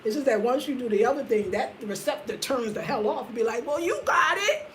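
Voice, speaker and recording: Lively, slangy woman in her fifties. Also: fast, a little hiss or hum, rough recording. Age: 50s. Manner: energetic, slangy and excitable, swinging from loud laughter to low murmurs. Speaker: vlogger. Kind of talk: casual chat to camera.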